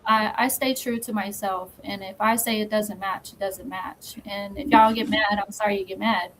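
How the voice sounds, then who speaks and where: A woman talking as a podcast guest, telling a story in a measured, firm way with pauses. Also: mid-range voice, fairly even intonation, a bit bright, a little hiss or hum, rough recording. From Texas. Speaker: podcast guest, magazine founder. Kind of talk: casual interview chat.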